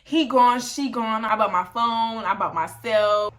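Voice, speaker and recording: A woman's voice: on the high side, moderate pace, few pauses, a bit bright. Young woman telling a slangy storytime. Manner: slangy, chatty, laughs along. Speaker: vlogger. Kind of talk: casual storytime while getting ready.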